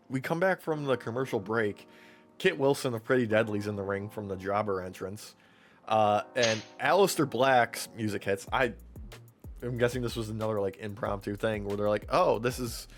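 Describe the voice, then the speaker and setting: Man, casual podcast recap, swears a lot, laughs, acts out quotes, faint music behind. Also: on the low side. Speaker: podcast co-host. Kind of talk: casual wrestling recap chat.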